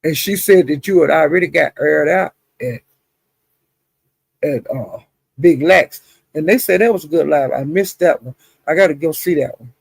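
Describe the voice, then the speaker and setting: A woman runs her live stream like a kitchen-table gossip session, greeting viewers one by one and dropping "honey" and "child" as she goes. Her voice is gravelly and husky, with a slight rasp at the bottom of her range. The sound is dry and close, with almost no room in it. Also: deep voice, moderate pace, dry recording. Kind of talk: casual gossip commentary. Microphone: streaming setup.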